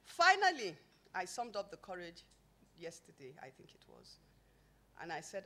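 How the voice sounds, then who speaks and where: A woman with a somewhat low voice addresses an event audience from a podium microphone. She tells humorous personal anecdotes within a formal launch speech, delivering them emphatically and with lively energy. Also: moderate pace, pauses often. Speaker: company founder giving a launch speech. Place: event venue before an audience.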